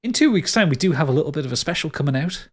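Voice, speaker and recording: A man's voice: on the high side, animated, racing. A man as game master, wrapping up a tabletop podcast episode in rambling, upbeat casual chat. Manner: rambling, lots of restarts and laughs, upbeat.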